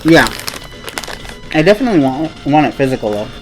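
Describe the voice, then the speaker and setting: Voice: medium pitch, big pitch swings, brisk, a little mellow, soft background music, rough recording. A live-stream host chatting casually with a co-host, teasing and joking while hopping between topics.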